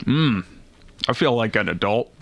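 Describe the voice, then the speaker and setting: A man's voice: fairly low pitch, expressive, measured pace. A man playing a tabletop game, joking playfully as his character. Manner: jokey and playful. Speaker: player.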